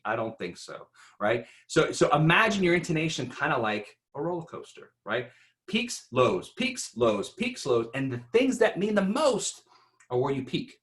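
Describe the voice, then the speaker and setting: Man, instructional talk, animated, rhetorical questions, mid-pitched voice. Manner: animated, rhetorical, keeps asking "right?". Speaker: presenter. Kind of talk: instructional talk on public speaking.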